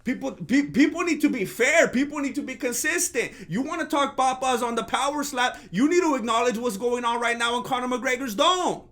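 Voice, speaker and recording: A man's voice: very high-pitched, brisk, few pauses, fairly bright tone. A man hosting a comedic commentary rant, sarcastic and mock-outraged. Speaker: commentary channel host.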